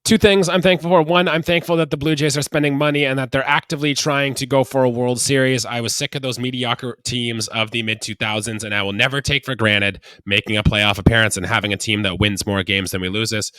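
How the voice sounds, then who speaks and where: A man from Canada hosting a casual sports podcast, chatty and quick to laugh while asking his co-host questions. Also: mid-range voice, steady tone, sharp tone, clean tone, no echo.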